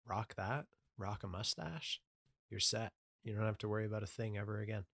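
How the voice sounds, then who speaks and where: A man co-hosting a podcast, teasing and asking questions in relaxed casual chat. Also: lowish voice, a little fast, gravelly, no echo, clean studio sound. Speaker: podcast co-host.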